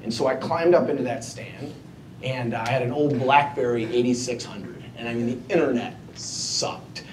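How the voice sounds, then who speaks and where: Male keynote speaker, animated storyteller who plays out his own thoughts, distant mic with a faint low rumble. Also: normal speed, reverberant. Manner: self-mocking humor. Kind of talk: motivational storytelling speech. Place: event hall before an audience.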